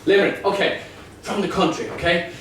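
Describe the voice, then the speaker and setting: A man's voice: high-pitched, level tone, a bit bright. A Dublin Irish man in his forties doing stand-up comedy, chatty and teasing as he works the audience. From Ireland. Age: 40s. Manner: teasing, chatty, quick to laugh at the crowd. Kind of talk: stand-up comedy with crowd work. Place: comedy club with a live audience. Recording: echoey room, far from the mic, crowd noise.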